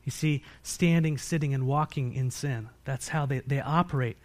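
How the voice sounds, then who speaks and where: With fairly even intonation and a moderate pace, an American pastor preaches a sermon, asking his listeners questions that he answers on his own. He alternates between loud, emphatic moments and quiet, low-voiced sections.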